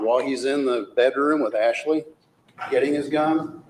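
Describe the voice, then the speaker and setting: A man delivering a closing argument in a courtroom, pressing the jury with forceful, rhetorical questions. His voice sits at an ordinary middle pitch, and it rings in a roomy hall with a faint hum underneath. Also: normal speed. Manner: forceful, rhetorical, mocking quotes of the defendant. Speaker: prosecutor.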